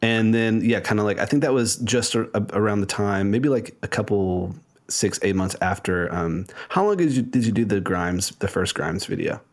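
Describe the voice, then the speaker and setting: A man hosting a casual interview, speaking haltingly with many pauses and restarts. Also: fairly low pitch. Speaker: interview host.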